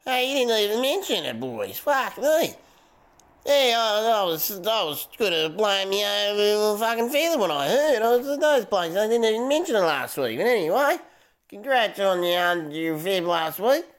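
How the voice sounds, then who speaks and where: A woman's voice: mid-range voice, sing-song, normal speed, close to an everyday voice. A woman voicing a rowdy, boozy Australian country bloke who swears and laughs as he leaves a voicemail. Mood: rowdy teasing. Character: rowdy middle-aged male country bloke. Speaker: voicemail caller.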